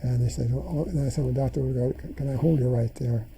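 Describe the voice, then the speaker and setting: A man's voice: mid-range voice, fast, vocal fry, mellow, a little hiss or hum, poor audio. An older man in an interview, animatedly retelling events and acting out the dialogue he quotes. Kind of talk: storytelling in an interview.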